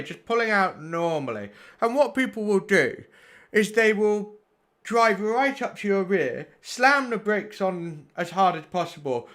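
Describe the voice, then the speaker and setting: A man streams sim racing, talking through race replays live and chatting with his viewers in a blunt, sweary way. His voice is high-pitched with a fairly bright tone.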